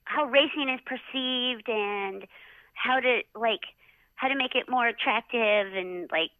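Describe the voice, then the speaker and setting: Brief: middle-aged woman, high bright pitch, chatty animated storyteller, dry dull lo-fi audio. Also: unhurried, no room sound. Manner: animated, acts out others' lines with many "like" fillers. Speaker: interview guest, former jockey. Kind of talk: casual storytelling interview.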